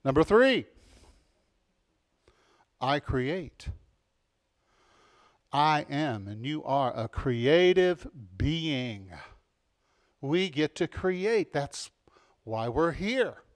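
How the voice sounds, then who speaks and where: A male preacher delivers a sermon at an unhurried, deliberate pace, his voice sitting a little higher than most men's. He moves between hushed, tender stretches and loud, emphatic bursts, often putting questions to the congregation and laughing along with them. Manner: animated, swinging between soft intimate passages and loud emphatic ones. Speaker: pastor.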